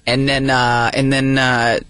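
A woman comedian from San Francisco, a guest on a radio interview, telling stories in a rapid, animated, joking way. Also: a bass voice, clean tone, no room sound. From San Francisco, USA. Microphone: studio microphone.

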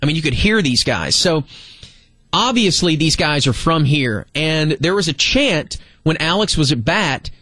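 Animated male sports radio host. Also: a little high, unhurried, dry recording, soft background music. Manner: animated storyteller, mimics fans' shouts. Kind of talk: casual sports radio banter. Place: radio studio. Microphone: studio microphone.

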